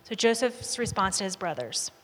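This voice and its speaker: A woman leading a Bible study class, speaking in a relaxed, conversational way and inviting answers from the group. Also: mid-range voice, moderate pace. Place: large room with a group. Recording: long reverb of a large hall.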